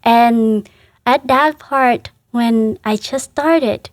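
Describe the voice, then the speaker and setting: A woman from Vietnam, a Catholic sister, speaking in a halting, earnest way and laughing softly between phrases as an interview guest. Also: a little high, no echo, studio quality. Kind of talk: casual interview.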